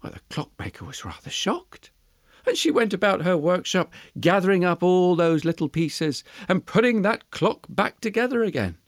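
A storyteller telling a fairy tale in an expressive, animated way. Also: medium pitch, normal speed, no room sound. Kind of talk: storytelling for children.

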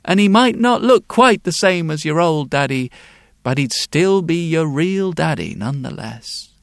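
A man voicing a kindly sculptor who speaks gently and keeps stumbling over his words. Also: on the high side, lively intonation, gravelly, no room sound, clean studio sound. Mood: tender. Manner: gentle, halting with ums and restarts. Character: kindly, hesitant middle-aged male sculptor. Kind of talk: storytelling.

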